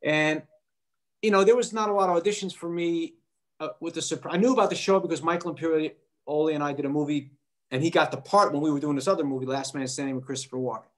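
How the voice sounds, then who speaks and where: A middle-aged man, an actor guest in an interview, telling a story in a lively way and acting out the voices of people he quotes. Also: a little high, fast. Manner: animated, acts out quoted voices.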